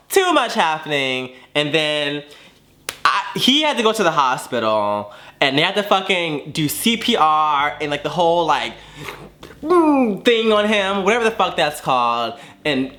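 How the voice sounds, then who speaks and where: A man's voice: on the high side, pushed and bright. A man in his twenties telling a dramatic storytime to his viewers, profane and theatrical. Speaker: vlogger. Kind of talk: casual storytime.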